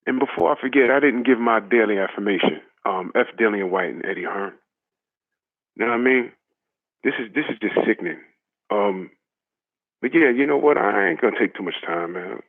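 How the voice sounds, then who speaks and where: A man's voice: fairly low pitch, brisk, no echo. A man calling in to a talk show, ranting in a fired-up, mocking, profane way. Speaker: caller. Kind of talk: heated phone-in rant. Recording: dry phone line.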